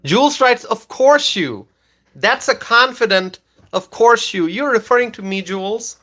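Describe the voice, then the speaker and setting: A man's voice: very high-pitched, animated, moderate pace, bright, forceful tone. A man hosting a political livestream, talking insistently with many fillers and repeated phrases, then reading chat comments aloud.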